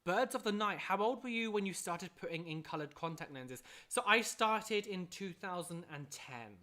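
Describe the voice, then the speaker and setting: A live streamer in casual chat, reading and answering viewer questions, chatty and excitable, humming little tunes between answers. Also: mid-range voice, normal speed. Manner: chatty and excitable, hums filler tunes, laughs often.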